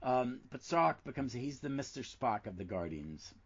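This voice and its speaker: A man co-hosting a casual podcast chat about comics, talking with enthusiasm and reading lines aloud slowly for effect. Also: medium pitch, big pitch swings, slightly rough. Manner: enthusiastic, reads comic dialogue aloud with slow emphasis. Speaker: podcast co-host. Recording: dull lo-fi podcast audio.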